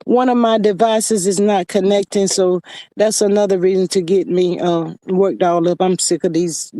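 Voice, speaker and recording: A woman's voice: mid-range voice, steady tone, normal speed, mellow, no echo, clean studio sound. A woman hosting a live stream, talking animatedly to her viewers in a preachy call-out style.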